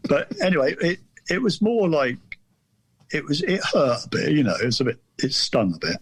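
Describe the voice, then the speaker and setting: A man's voice: a little high, very animated, moderate pace, slight background noise. A man around sixty, a guest author telling a rambling, amused anecdote in casual chat.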